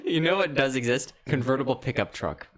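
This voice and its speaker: A young man co-hosting a casual chat, earnest and quick to laugh as he rambles through ideas. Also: medium pitch, lively intonation, fairly bright tone. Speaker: podcast co-host.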